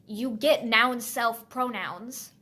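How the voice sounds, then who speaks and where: A woman with a bright, fairly high voice talks earnestly into her phone in a casual social-media monologue. She explains things and turns blunt at times. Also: slow pace.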